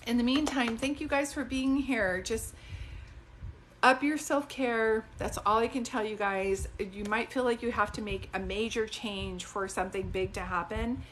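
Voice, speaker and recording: A woman psychic talks casually to her live-stream viewers in a chatty, digressive and animated way, into a phone. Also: mid-range voice, a little hiss or hum. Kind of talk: casual livestream talk to viewers.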